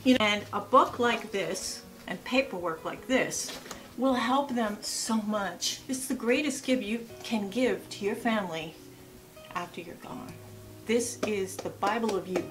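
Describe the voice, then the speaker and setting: A woman's voice: mid-range voice, measured pace, fairly bright tone, soft background music. A woman in her sixties giving casual lifestyle advice in a chatty vlog, full of asides and rhetorical questions. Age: 60s. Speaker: lifestyle vlogger.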